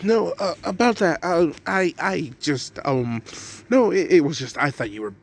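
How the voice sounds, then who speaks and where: A man's voice: fairly high pitch, expressive, measured pace, voice pushed up. A man voicing a hot-tempered teenage girl hero who stammers and swears at herself. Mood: flustered.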